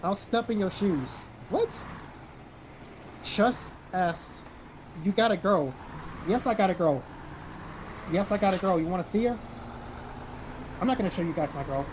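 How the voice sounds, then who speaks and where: This is a livestream host from South Carolina, in the American South, who reads viewer comments aloud and fires back blunt, profanity-heavy answers. He speaks in a high voice at a moderate pace, with long pauses, over a noisy background.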